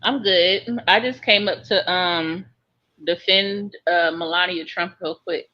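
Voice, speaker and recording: A woman's voice: fairly low pitch, takes it slowly, pushed and bright. Sarcastic woman on a dull call line. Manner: dry, sarcastic, laughing. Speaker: caller on livestream. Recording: dull remote call audio.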